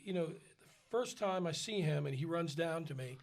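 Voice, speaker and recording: A man, an opera singer, telling a funny backstage story in casual chat, animated and laughing as he goes. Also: on the high side, normal speed, gravelly.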